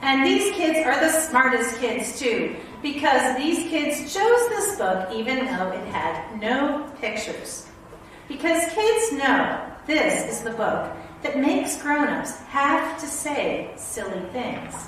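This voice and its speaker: A woman's voice: high voice, very animated, takes it slowly, fairly bright tone. Playful woman principal reading aloud, very echoey. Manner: playful, exaggerated outbursts of mock dismay. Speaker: elementary school principal. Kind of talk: reading a children's book aloud. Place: school building. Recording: very echoey room, voice far from mic, faint hiss.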